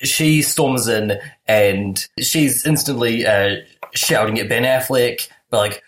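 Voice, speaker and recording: A male co-host walks through a film scene beat by beat in relaxed conversation. He tells it in a deadpan, wry way, with a voice of middling pitch for a man. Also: slow pace, rough recording. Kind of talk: casual film discussion, retelling a scene.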